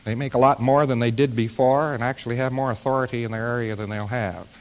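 A man's voice: mid-range voice, fairly even intonation, fast, lo-fi sound. Wry American man lecturing. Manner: wry, joking, rambling delivery. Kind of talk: informal lecture to an audience.

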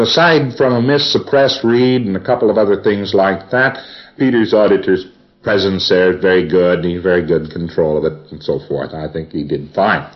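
Folksy man lecturing on a dull old tape. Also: sits low. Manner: wandering, folksy, with asides and chuckles. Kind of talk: recorded lecture reviewing sessions.

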